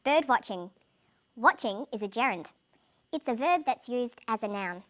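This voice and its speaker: A woman with a fairly high voice hosts a scripted English lesson. She speaks clearly and carefully, pronouncing each word for learners. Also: expressive, fairly bright tone. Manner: clear, measured, carefully enunciated delivery. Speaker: English language teacher presenting the lesson. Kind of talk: scripted educational presenting.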